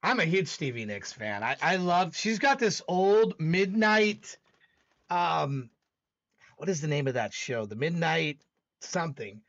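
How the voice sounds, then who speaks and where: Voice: mid-range voice, sing-song, a little slow, highs cut off. A live-stream music show host chatting casually while reviewing songs, gushing and rambling with many restarts.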